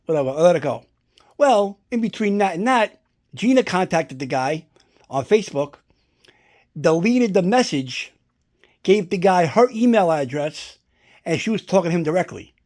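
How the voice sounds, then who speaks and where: A man's voice: high-pitched, darkish tone. A man talking casually at home, rambling through a story and swearing often as he shows off a collectible prop. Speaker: collector showing a movie prop. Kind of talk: casual unboxing vlog. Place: indoors at home.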